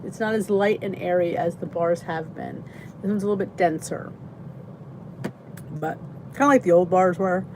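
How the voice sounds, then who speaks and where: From a spot next to the heater in her basement, a woman runs a relaxed livestream, saying hi to viewers by name and laughing a lot despite yawning from tiredness. She has a medium-pitched, somewhat dark voice, and there's a little background noise.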